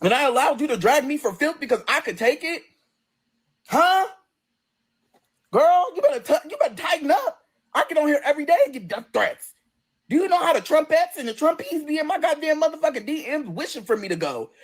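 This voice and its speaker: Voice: sits high, sing-song, brisk. A person ranting on a livestream in a combative, profane, sassy way, straight into a phone.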